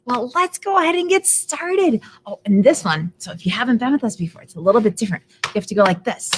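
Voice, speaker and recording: A middle-aged woman librarian leading a live storytime for young children in a library storytime room, speaking in an animated sing-song way and greeting children by name. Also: a little high, quick pace, husky.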